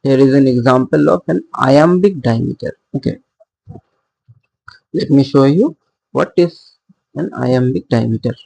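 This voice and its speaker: A man's voice: medium pitch, measured pace, creaky, long pauses, a little mellow, breathy edge, no echo, poor audio. A man teaching poetic meter in a recorded lecture, patiently repeating points and checking in with "okay". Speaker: literature teacher.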